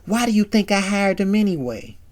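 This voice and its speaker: A woman's voice: medium pitch, animated, fairly quick, a little mellow, lightly acted. Jealous young rapper guy, voiced by a woman. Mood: menacing.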